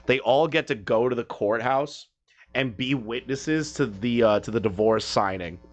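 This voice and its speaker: Profane, mocking male reaction streamer. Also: normal speed. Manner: mocking, profane and rambling, with sudden loud jumps in pitch. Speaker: commentary streamer reacting to a video. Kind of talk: casual reaction commentary.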